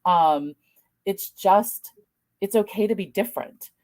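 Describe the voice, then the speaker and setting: A middle-aged woman hosting a conversational podcast. She is chatty and quick to laugh at herself, and speaks at an ordinary pitch. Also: darkish tone. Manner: chatty, self-deprecating, laughs easily. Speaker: podcast host.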